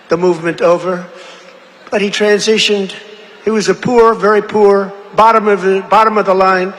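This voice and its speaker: Man at a rally podium, digressive and repetitive, high bright tone, long echo of an amplified venue. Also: slight background noise. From United States. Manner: repetitive, digressive, acts out quoted voices. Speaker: political rally speaker. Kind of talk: rambling rally speech. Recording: echoey amplified rally hall.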